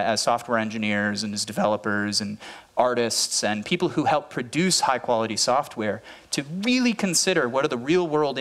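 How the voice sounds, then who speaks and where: A man's voice: medium pitch, fairly bright tone. A man giving a conference talk who speaks earnestly, often repeating words and restarting his sentences.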